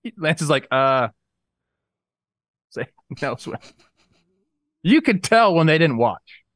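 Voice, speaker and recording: A man's voice: fairly high pitch, sing-song, moderate pace, dry recording, studio quality. A man co-hosting a baseball podcast who talks bluntly and swears freely. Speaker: podcast co-host. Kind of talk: casual sports chat.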